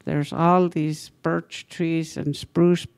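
A woman's voice: sits low, level tone, slow, vocal fry, darkish tone, dry recording, exaggerated voice. A woman voicing a weepy female porcupine in a told story, speaking in a plaintive, pleading way.

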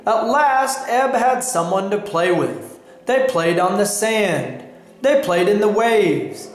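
A man with a fairly high voice reads a children's picture book aloud, word by word, very slowly. His reading is deliberate and clearly paced for learners, and the sound rings through a very echoey room. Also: animated. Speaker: storybook reader. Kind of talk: slow read-aloud for learners.

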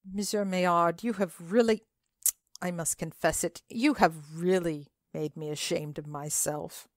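A woman's voice: lowish voice, fairly even intonation, unhurried, no echo, studio quality, lightly acted. A woman voicing an eager, apologetic young male visitor in a dramatic reading of a classic story, speaking deferentially with polite stammers.

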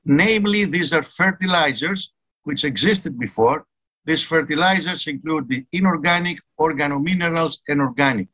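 Earnest bright-voiced man presenting at a conference. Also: fairly high pitch, normal speed. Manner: earnest, emphatic, repeats key words. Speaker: conference speaker.

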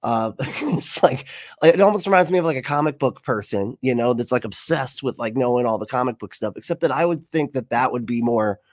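Brief: male host, loose profane reaction commentary, mid-pitched, dry close-mic sound. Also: lively intonation, brisk, dry recording. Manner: rambling, profane, laughs often, sarcastic.

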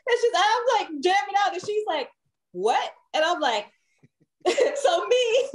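A woman singer, a guest on a podcast, chatting casually and telling lively stories full of laughter and acted-out quotes. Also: very high-pitched, measured pace. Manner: lively storyteller, laughs often, acts out quotes.

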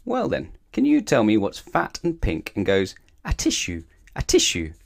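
A man voicing a simple, mild-mannered grown man in a storybook, speaking high and hesitantly. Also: wildly swooping pitch, normal speed, vocal fry, heavily acted. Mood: pleased.

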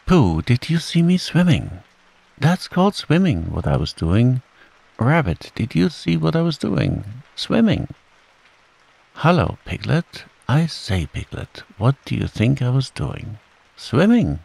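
A man voicing an excited little boy kangaroo in a storybook, with a squeaky, eager voice. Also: measured pace, creaky, hardly any pauses, slightly rough, exaggerated voice.

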